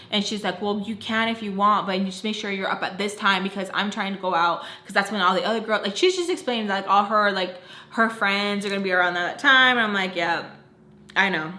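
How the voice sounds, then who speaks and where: A woman's voice: medium pitch, pushed and bright. Chatty young woman telling a story. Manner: chatty, lots of "like", acts out quoted lines. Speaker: storytime vlogger. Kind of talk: casual storytelling. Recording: roomy echo.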